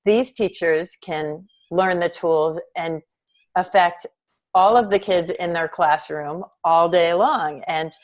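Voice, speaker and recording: A woman educator answers as an interview guest, with a mid-range, even voice. She talks in a reflective, measured way, like someone thinking aloud. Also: on the low side. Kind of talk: casual interview chat.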